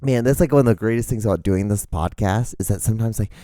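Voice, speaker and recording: Fairly low in pitch and dark in tone, the man speaks at a quick pace in a dry, clean studio recording. Indoors while rain comes down, he hosts a solo podcast through a microphone with earphones on, rambling, swearing, and mocking himself.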